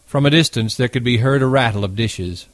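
A man narrating a novel as an audiobook in a steady, measured reading. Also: mid-range voice, no echo.

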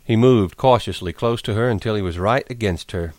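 A man reading a novel aloud with steady, dramatic storytelling. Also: on the low side, brisk, no echo. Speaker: narrator.

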